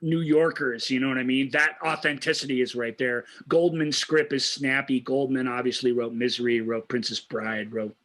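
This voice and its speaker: A man's voice: mid-range voice, steady tone, normal speed, few pauses, a bit bright. A man co-hosting a movie show, talking casually and enthusiastically, often restarting his sentences. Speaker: co-host of a movie review show. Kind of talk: casual film discussion.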